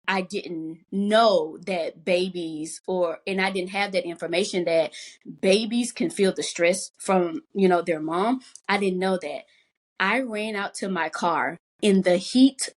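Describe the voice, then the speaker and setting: Young adult woman, podcast guest; emotional faith testimony, sincere, a touch low in pitch. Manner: earnest, emotional storytelling with faith language. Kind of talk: personal testimony in a podcast chat.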